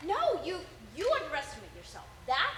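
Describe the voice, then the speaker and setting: A woman's voice: sits high, huge pitch swings, a little fast, fairly bright tone, full character voice. A teenage girl playing an eager young woman survivor in a stage play, chiming in with prompts. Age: teens. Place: school auditorium stage. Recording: echoey auditorium with faint noise.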